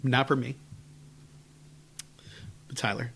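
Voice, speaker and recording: A man co-hosting a podcast, telling stories in casual chat with lots of laughs and lively swings. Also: mid-range voice, takes it slowly, vocal fry, slight background noise. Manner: animated, laughing storyteller. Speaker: podcast co-host.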